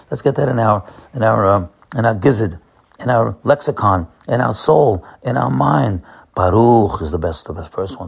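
Male preacher, husky, impassioned, swells into loud emphatic bursts. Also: on the low side. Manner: repetitive, walks listeners through prayer gestures. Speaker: religious teacher. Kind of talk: short inspirational sermon.

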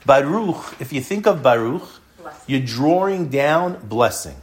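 Speaking at a slow pace, an animated male teacher leads a Torah lesson in class, earnestly raising rhetorical questions and repeatedly dropping into a low, intense register.

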